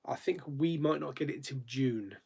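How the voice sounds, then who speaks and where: A man's voice: a little high, normal speed, gravelly, a little mellow, slightly rough. A man hosting a casual live chat, reading viewer comments aloud and answering them with frequent laughs. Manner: chatty, laughs often, reads comments aloud then answers. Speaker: YouTube host.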